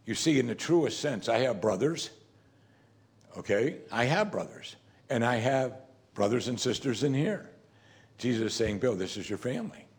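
A man's voice: medium pitch, a little slow, long pauses. A man preaching a sermon as pastor, talking in a conversational, emphatic way and often saying "you see".

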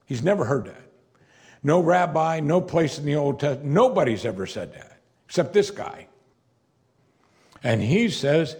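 A man's voice: on the high side, normal speed. A man preaching an expository sermon in a conversational way, now and then acting out the words of the people in the story. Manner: animated, conversational, playfully acts out quoted lines.

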